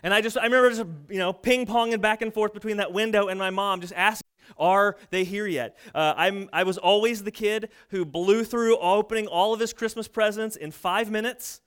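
A man's voice: high-pitched, moderate pace, fairly bright tone, clear, resonant tone. A man in his thirties preaching a sermon, telling family stories and acting out the voices of his kids and parents. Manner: storytelling, acts out quoted family voices. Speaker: pastor.

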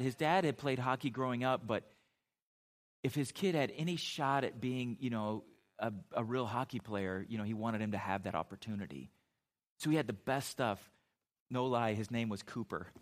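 A middle-aged man preaching a sermon as a pastor, telling stories in an easy, conversational way, with frequent restarts and asides. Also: mid-range voice.

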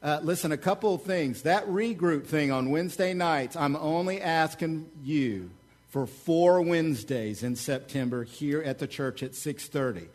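A man preaching a sermon as pastor, joking asides and emphatic loud peaks. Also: a little slow. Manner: animated, swings between loud emphatic peaks and low asides; joking, conversational asides to the congregation. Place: church.

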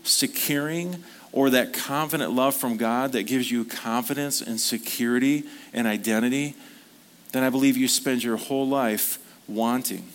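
A man's voice: medium pitch, moderate pace. A man preaching a sermon at a church service, speaking earnestly in a conversational storytelling manner. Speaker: pastor.

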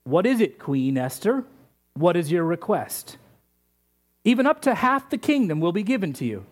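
A preacher putting on a brooding, ominous king in a deep, solemn voice. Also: sing-song, moderate pace. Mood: grand.

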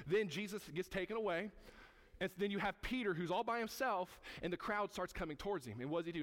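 A man's voice: sits high, expressive, a little fast, a bit bright. A man preaching as pastor, emphatic and repetitive, speaking directly to his congregation. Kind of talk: sermon.

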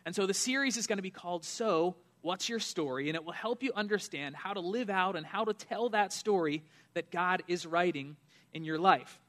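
A young man delivers a sermon in a high, bright voice. He preaches in an earnest, conversational way, with frequent fillers and restarts. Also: moderate pace. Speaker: pastor.

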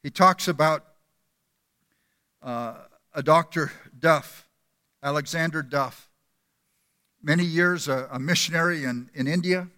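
Male preacher, high bright voice, earnest sermon storytelling, long church echo. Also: a little slow, long pauses. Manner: earnest storytelling, repeating words. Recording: long hall reverb.

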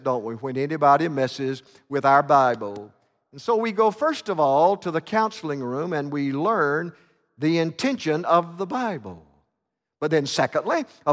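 Male pastor, fairly high voice, dramatic storyteller with halting fillers, church reverb. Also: a bit bright. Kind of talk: sermon. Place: church sanctuary. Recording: long reverb of a church sanctuary.

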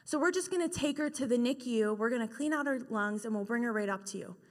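A woman voicing a calm, matter-of-fact female nurse who reassures a worried mother. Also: on the high side, fast, close to an everyday voice. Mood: reassuring. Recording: echoey hall.

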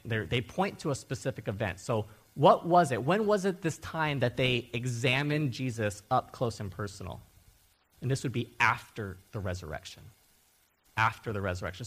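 A man preaching a sermon as a Bible teacher, emphatic and animated, repeating key words and often checking in with "okay?". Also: mid-range voice.

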